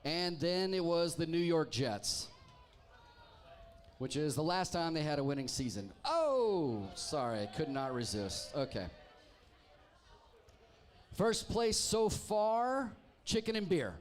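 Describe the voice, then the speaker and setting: A man's voice: fairly high pitch, big pitch swings, takes it slowly, long pauses, smooth. A man hosting a live pub trivia night, reading team names with wry, teasing jokes to the crowd. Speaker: trivia host. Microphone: handheld microphone.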